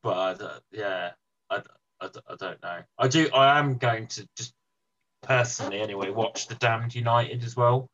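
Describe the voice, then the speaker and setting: Bright husky man, lively casual chat. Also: fairly low pitch, normal speed, lo-fi sound. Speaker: podcast co-host.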